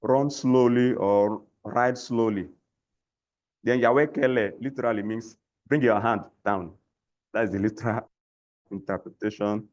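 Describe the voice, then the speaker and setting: Low-voiced male language teacher on a dull lo-fi call line, patient and repetitive. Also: steady tone, a little slow, darkish tone. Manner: patient, repeats words for learners to echo. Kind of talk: online language lesson. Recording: lo-fi call audio.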